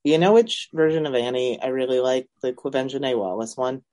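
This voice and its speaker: A woman's voice: very deep voice, fairly quick, mellow. A woman co-hosting a podcast in casual chat, curious and full of questions, recorded over a remote call. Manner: curious, asks many questions. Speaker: podcast co-host.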